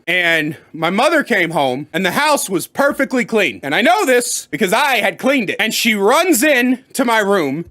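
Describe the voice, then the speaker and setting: High-pitched, exasperated young man. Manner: exasperated, profane, animated. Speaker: storyteller. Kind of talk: storytime vlog.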